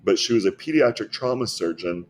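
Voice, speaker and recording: A man's voice: lowish voice, lively intonation, a little fast, a little hiss or hum. A man, a health clinic founder, earnestly telling patient stories as a guest in a podcast interview, often repeating words as he goes.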